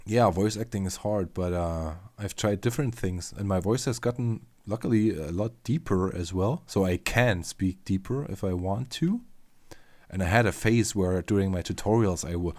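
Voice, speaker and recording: A man with a German accent hosts a casual livestream chat about making machinima. His voice sits low, and it is recorded close and dry. He rambles loosely and swears now and then. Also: normal speed, darkish tone, no room sound. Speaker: machinima creator streaming.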